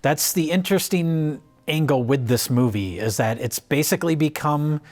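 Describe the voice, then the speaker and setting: A man's voice: on the high side, moderate pace. A man co-hosting a film review show in casual chat, reacting with laughs and then explaining a point at length.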